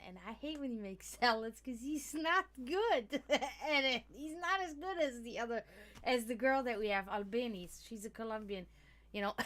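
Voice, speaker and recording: A woman talking casually to her stream audience in a slightly high voice. She rambles, swears freely and breaks into laughter often. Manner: chatty, profane, laughs often. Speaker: livestream host.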